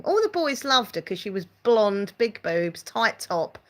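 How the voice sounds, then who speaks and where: A woman's voice: mid-range voice, big pitch swings, moderate pace, hardly any pauses, a bit bright. A woman with an Essex accent, hosting a casual live stream, rambling and reading out viewer comments. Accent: Essex English. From England.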